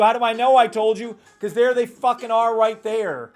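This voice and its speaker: A man's voice: very high-pitched, steady tone, moderate pace, hardly any pauses, faint music behind. A man hosting a live trading stream, hyped and repetitive, cheering and swearing as he talks viewers through his calls. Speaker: livestream trading host. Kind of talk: excited live trading commentary.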